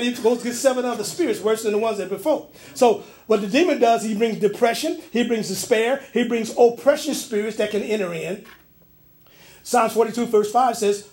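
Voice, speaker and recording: Man preacher with a high voice, loud and then quiet, telling stories from the pulpit. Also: brisk. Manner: swings between loud preaching and quiet storytelling; many restarts and fillers when telling stories. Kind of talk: sermon. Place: church.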